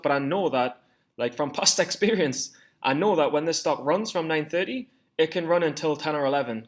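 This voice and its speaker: A man in his twenties talking through his stock trades in a casual, rambling way, swearing often and laughing at himself. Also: fairly high pitch. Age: 20s. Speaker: stock trading vlogger. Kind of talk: casual screen-share commentary.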